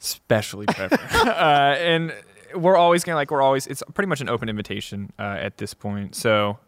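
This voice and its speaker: A man's voice: mid-range voice, animated, brisk, no room sound. A man hosting an esports talk show, joking and steering segments in casual desk chat. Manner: joking, leads segments, trails off quietly.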